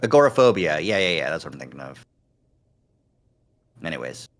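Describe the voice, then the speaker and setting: A man's voice: a bass voice, very animated, normal speed, fairly bright tone. A male streamer hosting a casual game stream, joking crudely and reading narration aloud. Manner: joking, crude, laughing often. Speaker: streamer host. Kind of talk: casual chat while reading a visual novel aloud.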